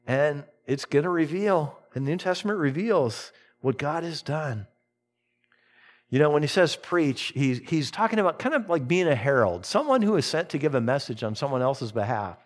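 A male pastor delivering a sermon, his voice sitting a little high for a man and swinging widely in pitch. He is middle-aged and animated, and he slips into quick impressions when he tells a story.

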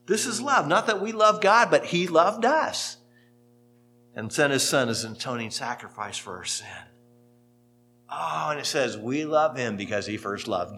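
A man preaching a sermon as pastor, telling stories with sudden lively rises in pitch and volume.

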